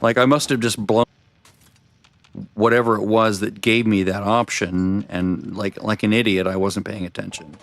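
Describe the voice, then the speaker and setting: A man's voice: on the low side, steady tone, normal speed, dry recording. A man streaming a video game, talking through it in rambling, self-deprecating casual commentary.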